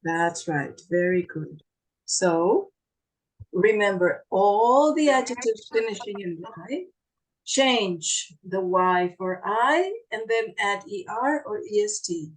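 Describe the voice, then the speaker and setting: A woman's voice: medium pitch, expressive, slow, low-quality recording. A woman teaching an online English class, explaining grammar patiently and encouragingly. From Brazil. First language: Portuguese.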